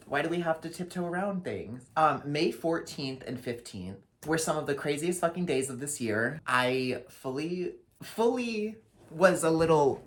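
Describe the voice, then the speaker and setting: A young man, a drag performer, talking through his year in a casual vlog, sassy and profane, swinging between loud outbursts and low mutters. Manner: sassy, profane, dramatic asides.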